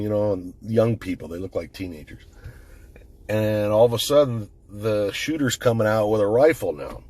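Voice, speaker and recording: Man rambling and swearing into a phone. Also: fairly low pitch. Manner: rambling, profane, conversational, with frequent restarts. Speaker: firearms commentator. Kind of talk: casual storytelling commentary.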